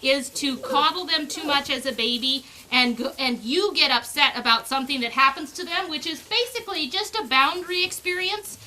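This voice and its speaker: High, bright-voiced chatty woman. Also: moderate pace, few pauses, slight background noise. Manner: chatty, switching into sing-song baby talk with the pups. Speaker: dog breeder. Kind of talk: casual explaining while handling puppies. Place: outdoors on a farm.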